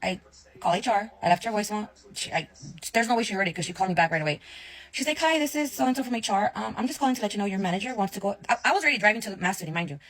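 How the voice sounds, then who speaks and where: A woman's voice: medium pitch, very fast, a bit bright, poor audio. A young woman telling a story in a casual rant, blunt and swearing often, acting out both sides of her conversations.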